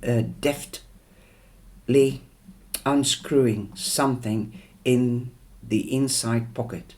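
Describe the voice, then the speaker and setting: A man reading a novel chapter aloud, with small slips and restarts. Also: mid-range voice. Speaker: audiobook reader.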